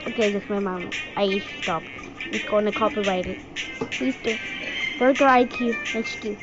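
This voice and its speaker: A woman from India giving excitable let's-play commentary, yelping and exclaiming as she plays. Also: medium pitch, normal speed. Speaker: gaming channel host. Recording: dull lo-fi audio with game music. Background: game music.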